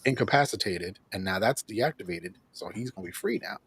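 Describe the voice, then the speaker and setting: Husky guy recapping an episode, animated, dry close sound. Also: sits low, a little fast, dry recording. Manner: animated recapping, acts out characters' lines, laughs often. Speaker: host of a show reviewing an episode. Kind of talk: casual chat recapping an episode.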